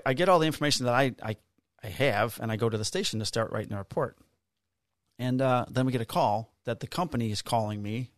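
Middle-aged male podcast co-host, casual profane storyteller, average pitch, dry close sound. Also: no echo. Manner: animated storyteller, swears freely, acts out quotes in raised voice. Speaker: podcast co-host, police officer.

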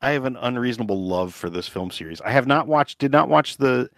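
A man's voice: medium pitch, lively intonation, fairly quick, no room sound, clean studio sound. A man co-hosting a podcast, recommending films with a joking, self-mocking manner. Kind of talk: casual podcast chat.

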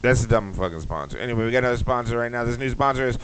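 A man's voice: medium pitch, animated, racing, background noise. A man hosting a podcast, ranting crudely and loosely as comedy. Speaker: podcast host. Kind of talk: comedic rant.

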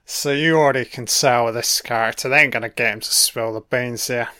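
A man's voice: medium pitch, steady tone, brisk, pushed and bright, smooth. A man hosting a casual audio commentary over a film, with laid-back, profane running remarks.

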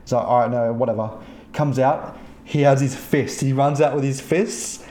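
A man hosting a podcast, telling gaming stories in an animated, profane way and acting out the other players. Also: medium pitch, normal speed, roomy sound, a little hiss or hum. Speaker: podcast host. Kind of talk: casual storytelling chat.

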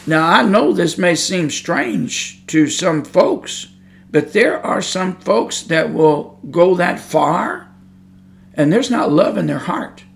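Slow and gravelly yet high-pitched with lively intonation, a man delivers a folksy, emphatic podcast sermon through a studio microphone, rising to fervent intensity.

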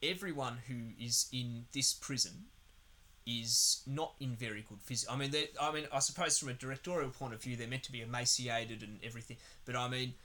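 This co-host talks fairly quickly in a mid-range, sharp-toned voice. He chats casually and sarcastically about a film on a podcast, rambling and swearing frequently.

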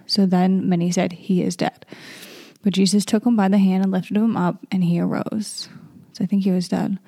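A young woman hosting a casual Bible reading reads a scripture passage aloud, then reflects on it in a loose, chatty way, trailing off into fillers and restarts. Her mid-range voice is mellow and slightly gravelly, recorded close and dry with no room sound.

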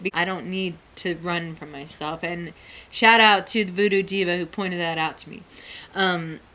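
With a sharp tone and a voice on the low side, a middle-aged woman co-hosting a talk show candidly shares a personal story. She swears freely and laughs often as she chats.

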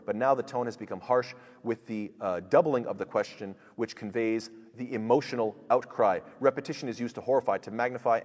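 A man with a Canadian accent teaching a Quran lesson, talking quickly and eagerly with many fillers and restarts. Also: fairly low pitch, a little mellow, in a large hall. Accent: Canadian English. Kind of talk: explaining verses in a lesson.

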